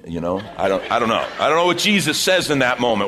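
A man's voice: mid-range voice, animated, quick pace, hardly any pauses, sharp tone. A male pastor preaching a sermon in a conversational way, with asides to the congregation.

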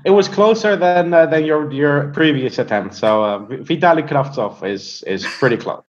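Halting man with muffled audio. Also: a little high, slight background noise. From Europe. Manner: hesitant, many fillers and restarts. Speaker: guest, hockey prospects analyst. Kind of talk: casual conversational storytelling and analysis.

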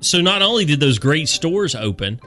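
Man, radio host, animated pitch, teasing and upbeat, faint music behind. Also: moderate pace. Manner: upbeat, teasing, lots of laughter. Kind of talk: casual studio banter.

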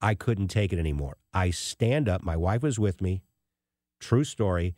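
Radio talk guy, low voice, super lively, dry close studio sound. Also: normal speed, no echo. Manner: animated, emphatic storyteller. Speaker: radio talk show host. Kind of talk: casual radio storytelling.

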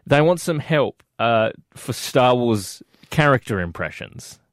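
A man's voice: mid-range voice, expressive, slow, dry recording, studio quality. A man co-hosting a breakfast radio show, playful and laughing often. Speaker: radio co-host. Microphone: studio microphone.

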